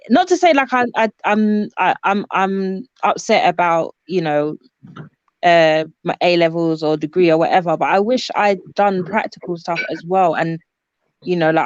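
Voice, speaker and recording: Chat guest, mid-pitched voice, halting delivery, dry muffled lo-fi audio. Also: clean tone, no echo. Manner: hesitant, many fillers and restarts. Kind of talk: casual chat. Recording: dry, dull lo-fi sound.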